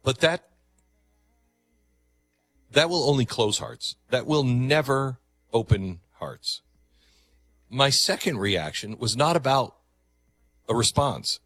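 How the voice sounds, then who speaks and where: A man's voice: medium pitch, animated, slow, pauses often, fairly bright tone, no room sound, soft background music. A man hosting a call-in radio show, speaking in a thoughtful, reflective way. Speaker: radio host. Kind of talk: talk radio.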